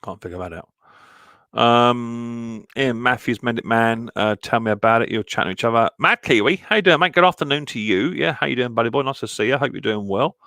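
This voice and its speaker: A man's voice: medium pitch, fairly quick, sharp tone, dry recording, clean studio sound. A man hosting a live stream in a casual, chatty way, greeting viewers one by one with plenty of ums.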